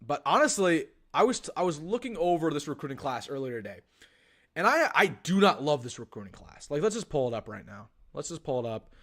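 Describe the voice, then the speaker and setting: A man's voice: on the high side, very animated, a little fast, fairly bright tone. A young man hosting a casual sports live stream, thinking aloud with frequent restarts and ums. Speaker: sports livestream host.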